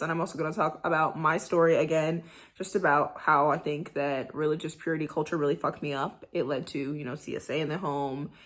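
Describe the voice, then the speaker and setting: A young woman talking in a candid, slangy vlog monologue, animated and sometimes dropping into soft breathy whispers. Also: low-pitched. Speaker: vlogger.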